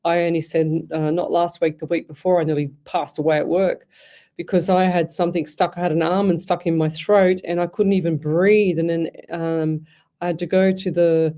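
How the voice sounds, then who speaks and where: A woman's voice: lowish voice, little pitch movement, moderate pace, dark tone. An Australian woman hosting a live psychic radio show, chatty and effusive, rambling through stories. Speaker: psychic medium radio host. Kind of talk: casual live radio chat.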